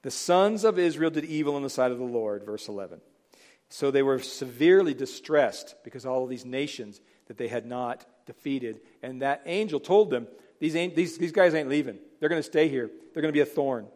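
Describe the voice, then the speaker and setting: A middle-aged man preaching a sermon, animated, acting out Bible figures in voices. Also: medium pitch, brisk. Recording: long hall reverb.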